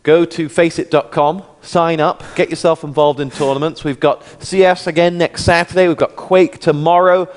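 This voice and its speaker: A man's voice: fairly high pitch, normal speed, few pauses, long reverb tail. Playful young male esports caster. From London. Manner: playful, jokey, puts on deadpan voices. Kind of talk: casual esports casting banter.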